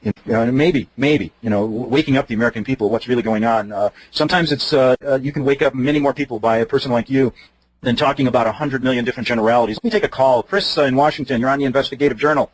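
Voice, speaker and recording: A man's voice: mid-range voice, racing, no echo, poor audio. A man hosting a radio talk show, asking questions in a conversational, rambling way. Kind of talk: radio interview.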